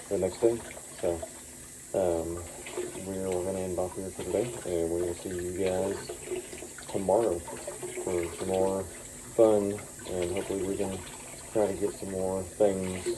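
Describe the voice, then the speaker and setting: A young man chats loosely to his phone camera, drifting between thoughts with frequent ums. His voice sits very low, and he takes his time. A clear wash of background noise runs under the whole recording. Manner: rambling, easygoing, many ums. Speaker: farm vlogger and school teacher. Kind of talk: casual vlog talk to camera.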